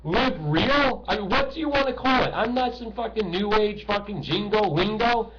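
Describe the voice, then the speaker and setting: A middle-aged man delivering a bitter, profane monologue to camera, swinging between shouting and hushed talk. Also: high-pitched, animated, moderate pace, hardly any pauses, a crowd in the background. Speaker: political video ranter. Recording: dull lo-fi home recording with noise.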